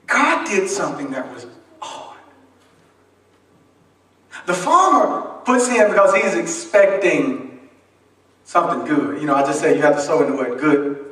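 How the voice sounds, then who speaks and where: Pastor preaching in an echoey church. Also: male voice, on the high side, sing-song, a little slow, long pauses, fairly bright tone. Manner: call-and-response preaching, asks the congregation to finish his lines; folksy, humorous, conversational delivery. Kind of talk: sermon. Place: church sanctuary. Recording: echoey church from a distant mic.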